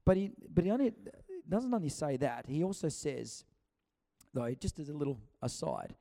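Male preacher, chatty and animated, a little higher-pitched than most men. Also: normal speed. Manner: chatty, acts out quotes, many restarts. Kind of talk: conversational sermon.

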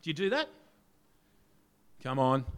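A man preaching a conversational sermon, leaning on rhetorical questions and swinging between loud and soft. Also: medium pitch, sing-song, a little slow, clean tone.

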